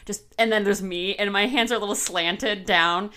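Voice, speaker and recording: A woman's voice: mid-range voice, fairly even intonation, moderate pace, pushed and bright. A young woman co-hosting a podcast, rambling casually through self-deprecating stories. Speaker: podcast co-host. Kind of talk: casual chat.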